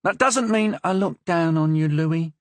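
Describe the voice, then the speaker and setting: Cheeky Languedoc young woman, voiced by a male narrator, fast retorts, no fear. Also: no room sound, lightly acted. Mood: bold. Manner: high, bold, talks back. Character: feisty young woman, sharp-tongued, fearless.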